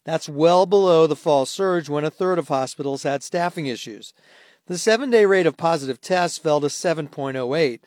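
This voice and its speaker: A man filing a factual radio health report in a brisk manner. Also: a little high, darkish tone, dry recording, studio quality. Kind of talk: filed radio news report.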